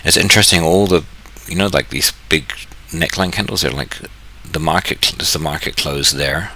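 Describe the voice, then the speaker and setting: In a casual screen-share walkthrough, a New Zealand trading channel host thinks out loud, corrects himself and throws in jokes. He has a bass voice at a moderate pace, bright and forceful in tone, and there's slight background noise.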